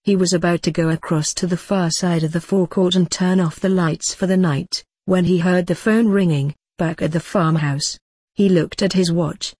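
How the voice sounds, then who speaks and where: A narrator reading a tense rural story in a steady, measured audiobook style, with a husky tone. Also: medium pitch, dry recording, clean studio sound.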